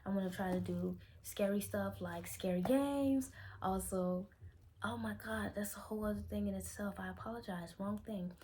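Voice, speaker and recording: Her voice is mid-range with a dark tone, moving at a moderate pace as this young Chicago vlogger rambles and catches her own mistakes. It's an unscripted, candid clip on her phone camera, Chicago accent and all, with slight background noise.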